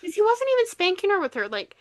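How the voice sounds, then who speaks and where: A young woman co-hosting a podcast, retelling a book's plot in an animated, casual way with lots of fillers. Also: very high-pitched, quick pace, dry recording. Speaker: podcast co-host. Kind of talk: casual book review chat.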